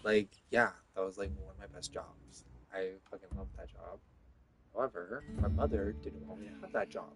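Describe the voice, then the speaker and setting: A man's voice: fairly low pitch, moderate pace, soft background music, rough recording. A man rambling through a casual, profane story monologue, filling his talk with "like". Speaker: vlogger.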